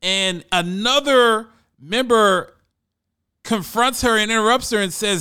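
Male podcast talker, bright and lively tone, loose and rambling delivery. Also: high voice, takes it slowly, clear, resonant tone. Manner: animated, conversational, trails off and repeats words. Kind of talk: casual monologue.

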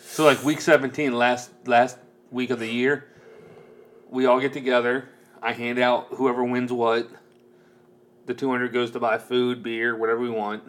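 A man's voice: medium pitch, level tone, normal speed, long pauses. A man co-hosting a podcast, chatting casually about football and fantasy league rules, laughing easily and rambling as he explains. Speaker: podcast co-host. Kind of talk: casual chat.

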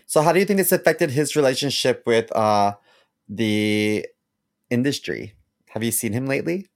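Animated man rambling through stories. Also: mid-range voice, normal speed. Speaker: podcast co-host. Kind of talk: casual chat.

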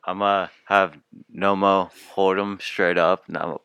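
A man's voice: low voice, level tone, moderate pace, creaky, pushed and bright, clean tone, no echo. A man taking part as a player in a tabletop game, chatting in an offhand, joking way. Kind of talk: casual game chat.

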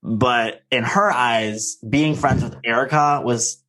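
A man's voice: medium pitch, slow pace, pushed and bright. A man co-hosting a podcast in casual chat, gossipy and full of filler words. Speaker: podcast co-host.

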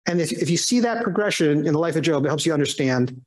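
A man's voice: on the high side, fast, low-quality recording. A man teaching a Bible class, conversational, reading scripture aloud with emphasis and firing questions at his listeners. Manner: sarcastic asides, animated questioning.

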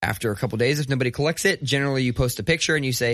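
A man's voice: medium pitch, racing, hardly any pauses, fairly bright tone, no room sound, studio quality. A man co-hosting a podcast, telling a long story in casual chat, swearing a lot and ranting with mock outrage. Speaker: podcast co-host.

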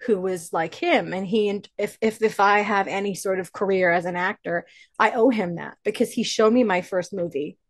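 Lively woman telling stories, dry close mic. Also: mid-range voice, normal speed, no room sound. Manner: lively, swears casually. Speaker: interview guest. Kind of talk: casual storytelling chat.

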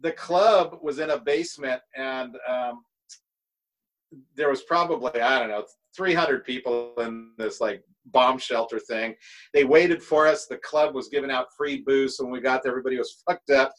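A man's voice: medium pitch, moderate pace, a bit bright, rough recording. A middle-aged man, a guest drummer from the United States, telling road stories in a laid-back, rambling way and swearing freely. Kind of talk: casual storytelling.

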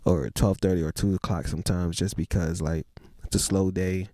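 An easygoing man with a very deep, low voice talks casually as a guest and laughs often. His voice sounds dry and close, with no room echo. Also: steady tone, normal speed, warm tone. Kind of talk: casual chat.

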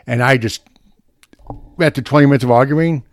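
A man's voice: medium pitch, moderate pace, no echo, clean studio sound. A middle-aged man telling a profane, brash story in casual chat.

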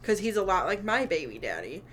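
A woman's voice: mid-range voice, big pitch swings, a little fast, fairly bright tone, husky. A woman chatting casually as a podcast co-host, making blunt, dry remarks. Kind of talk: casual chat.

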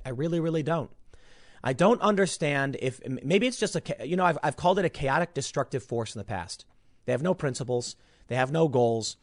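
A man's voice: medium pitch, no echo, clean studio sound. A man ranting as a political commentator, exasperated and sarcastic in a solo talk.

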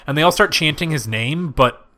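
A man's voice: fairly high pitch, animated, normal speed, pushed and bright. A man co-hosting a podcast, chatting loosely about movies, rambling, swearing and laughing often. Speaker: podcast co-host. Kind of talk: casual banter reviewing movies.

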